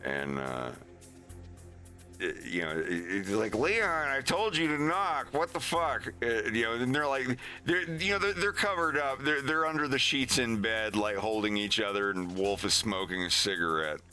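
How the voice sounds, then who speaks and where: A man streaming his animation work, chatting casually and rambling with halting restarts. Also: on the low side, lively intonation, bright, forceful tone, soft background music.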